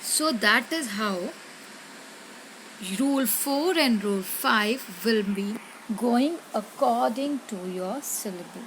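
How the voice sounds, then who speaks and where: A woman teacher talks through a grammar lesson at a very slow, careful pace. Her voice sits a little high, and she often stops to ask her pupils a question. A faint hiss of noise runs under the recording. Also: animated, a bit bright, poor audio. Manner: slow, deliberate, repeats words and asks pupils questions. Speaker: English teacher.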